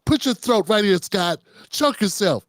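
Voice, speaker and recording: A man's voice: sits high, animated, a little slow, no echo, clean studio sound. A man doing an impression of an exasperated woman news anchor who keeps scolding a panelist by name, over and over.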